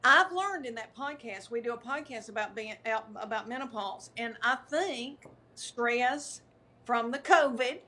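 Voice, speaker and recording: A woman's voice: on the high side, lively intonation, a little slow, bright, forceful tone. A woman, a comedian telling rambling, self-deprecating stories in casual chat over a video call. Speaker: comedian guest.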